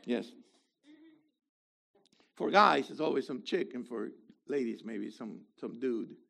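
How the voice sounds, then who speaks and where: A man preaching a sermon in an animated way, swinging between loud emphasis and quiet asides, with playful remarks along the way. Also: mid-range voice, takes it slowly, vocal fry.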